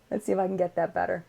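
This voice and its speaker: A woman's voice: fairly low pitch, creaky, dark tone, dull audio. An American woman hosting a casual live chat, reading viewer comments aloud and showing makeup on camera.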